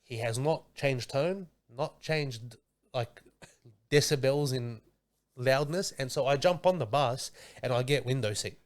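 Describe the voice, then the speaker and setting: A man's voice: mid-range voice, unhurried. A man hosting a podcast, telling stories in casual, slangy chat. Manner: animated storytelling with slang. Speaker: podcast host.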